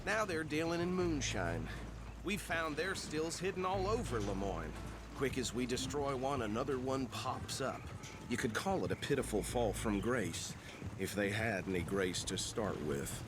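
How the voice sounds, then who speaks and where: An actor playing an officious small-town deputy in a western game, stressing who is in charge. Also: male voice, medium pitch, expressive, unhurried, noisy background, natural voice. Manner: officious, self-important.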